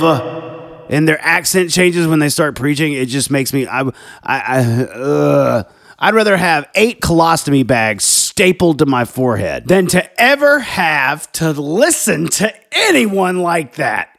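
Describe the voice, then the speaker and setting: A man's voice: a little slow, gravelly, dry recording, studio quality. A man hosting a personal faith talk, speaking with heated emphasis and reading scripture aloud. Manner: emphatic, heated, animated pitch swings. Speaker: podcast host.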